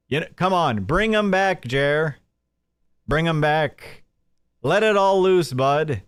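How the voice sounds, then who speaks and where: Lively mocking male stream host. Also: fairly high pitch, slow pace, long pauses, clear, resonant tone, no room sound. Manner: mocking, laughing often, chatty. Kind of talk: live commentary on a played clip.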